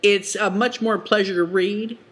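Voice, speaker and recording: A woman co-hosting a podcast, chatting casually about books in a laid-back, joking way, with quick short replies. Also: medium pitch, fairly even intonation, a bit bright. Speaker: podcast co-host. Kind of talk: casual book chat.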